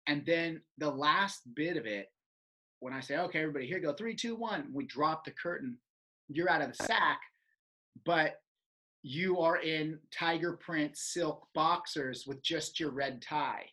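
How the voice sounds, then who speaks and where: A man's voice: fairly high pitch, takes it slowly, pushed and bright, poor audio. A man animatedly recalling a comic stage routine, often laughing. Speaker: former stage partner, performer. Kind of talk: casual reminiscing chat.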